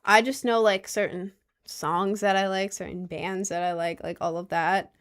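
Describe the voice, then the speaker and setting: A woman's voice: medium pitch, steady tone, normal speed, clear, resonant tone. A young woman chatting casually on a vlog, rambling and unsure of herself, with lots of fillers and restarts. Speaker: vlogger.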